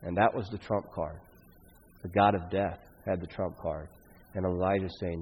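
A pastor preaches a sermon. He tells the story dramatically, swelling loud when he quotes the people in it and dropping quiet for reflection. The sound is dull and lo-fi, with long reverb from the church hall. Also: low voice, steady tone, normal speed, a little hiss or hum. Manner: dramatic, rising and falling loudness when quoting scripture figures. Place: church sanctuary.

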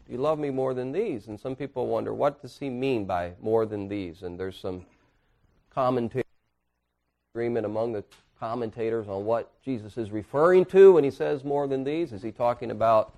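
A man pastor preaching a sermon in church, earnestly, dropping to quiet asides and rising to emphatic points. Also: medium pitch, moderate pace, vocal fry. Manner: earnest preaching, swinging between hushed and emphatic.

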